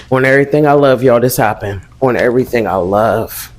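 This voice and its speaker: A man's voice: medium pitch, brisk, few pauses. A man recounting a creepy personal experience, emphatic and swearing, talking to listeners as y'all. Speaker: storyteller in a social media clip.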